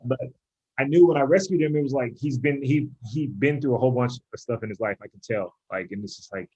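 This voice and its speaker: A man's voice: mid-range voice, fast, darkish tone, husky. Rambling young man, muffled audio. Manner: rambling storyteller, heavy use of "like", acts out voices in quotes. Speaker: pro baseball pitcher, podcast guest. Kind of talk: casual chat.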